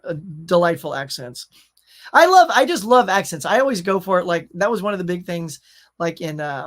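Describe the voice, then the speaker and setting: A man from Louisiana hosting a casual pop culture live stream, animated and jokey as he reads out viewer comments. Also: a little high. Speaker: host.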